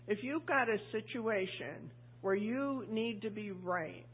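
Husky woman preacher chatting thru a sermon, tinny phone-like sound. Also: medium pitch, expressive, takes it slowly. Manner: chatty, asks the congregation questions, acts out voices. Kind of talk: conversational sermon.

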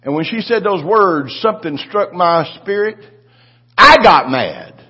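A pastor in his seventies telling a testimony in a sermon, his voice rising to shouted declarations. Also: high voice, animated, measured pace, breathy edge, highs cut off.

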